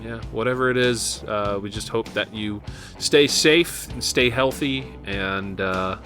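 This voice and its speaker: A man's voice: fairly low pitch, a little slow, fairly bright tone, soft background music. A man from Nebraska hosting a podcast in casual chat, rambling with lots of fillers and chuckles. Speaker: podcast host.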